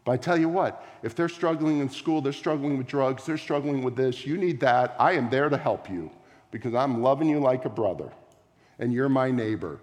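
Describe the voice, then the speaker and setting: A man's voice: medium pitch, a little fast. Male pastor preaching in a reverberant hall. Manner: emphatic, repetitive preaching cadence with big swings in loudness. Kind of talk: sermon. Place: large room before a congregation.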